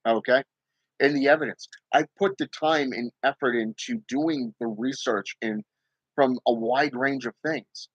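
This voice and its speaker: A man with a mid-range voice hosts his own livestream, speaking a little slowly and casually but with emphasis as he tells viewers about spirit work. He keeps checking in with "okay?" and leans on "you know." The recording is muffled and has no room sound.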